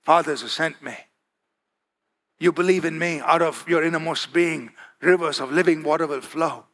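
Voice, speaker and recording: Calm solemn teacher voice, low and steady, a preacher quoting him. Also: male voice. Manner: slow, lowered, solemn. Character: calm, solemn male teacher speaking to crowds.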